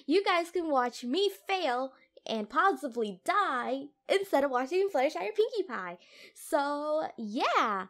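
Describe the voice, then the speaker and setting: A young woman casually commentating her own survival game at home, jittery and giggly, easily startled and quick to laugh at herself. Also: high-pitched, big pitch swings, a bit bright. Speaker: gamer playing a survival game. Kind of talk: casual let's play commentary. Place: room at home.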